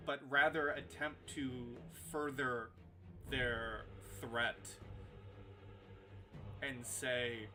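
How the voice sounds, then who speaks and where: A man's voice: medium pitch, steady tone, extremely slow, pauses often. Man narrating as game master over music. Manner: casual narration with many fillers.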